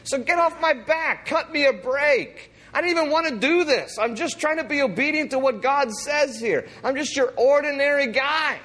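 A man's voice: very high voice, normal speed, few pauses, a bit bright, voice pushed up. A man voicing an exasperated male shepherd prophet who pleads that he is just an ordinary guy. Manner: pleading, fed up.

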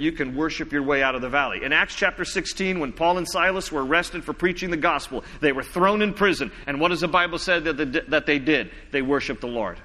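Male pastor, sermon delivery, slow scripture readings, soft low emphasis, reverberant hall sound. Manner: teaching, reads scripture slowly, drops low and soft for emphasis.

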